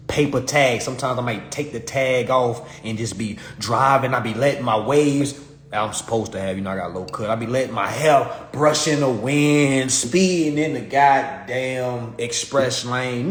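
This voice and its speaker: A man hosting a live stream, ranting in a casual comedic way, profane and animated, and laughing often. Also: mid-range voice, roomy sound.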